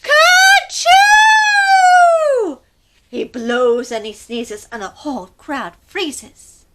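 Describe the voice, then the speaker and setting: A woman's voice: a little high, takes it slowly. A woman hosting children's storytime, reading aloud expressively in a sing-song way and asking the kids questions. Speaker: storytime host.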